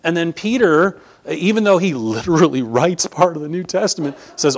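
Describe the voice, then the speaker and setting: A man, a pastor, teaching a sermon in a conversational, animated way with jokey asides. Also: a little high, normal speed.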